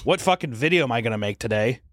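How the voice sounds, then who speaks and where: A man's voice: medium pitch, lively intonation, fast, fairly bright tone, dry recording, studio quality. A man co-hosting a podcast in casual chat, rambling, swearing freely and restarting his sentences. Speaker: podcast co-host.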